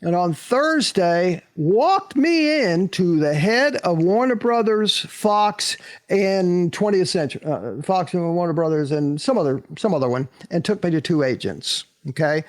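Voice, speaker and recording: An older man spinning a show-business anecdote in a lively, high-pitched voice. His delivery rises and falls all over the place, and he acts out the other people in the story as he goes. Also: moderate pace. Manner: animated, acts out quotes, laughs often. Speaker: guest, former actor.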